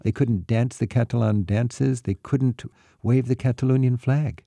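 Gravelly older male host, dark dry voice. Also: mid-range voice, measured pace, dry recording. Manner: chatty, jokey. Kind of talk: scripted intro then casual interview.

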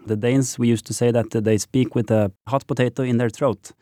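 A man from Norway with a Norwegian accent, a guest explaining things in a relaxed way on a radio talk show. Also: medium pitch, brisk, no echo, clean studio sound.

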